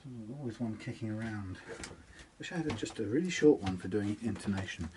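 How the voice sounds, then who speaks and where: A man's voice: on the low side, expressive, brisk, warm tone, slight background noise. A man talking casually through a guitar setup in his workshop, rambling and muttering to himself as he works. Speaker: guitar technician. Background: guitar being plucked.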